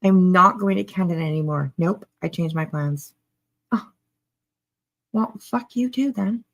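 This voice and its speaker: A woman's voice: on the low side, unhurried. A woman doing casual live commentary on a clip, sarcastic and chatty, greeting her viewers. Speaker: commentary streamer.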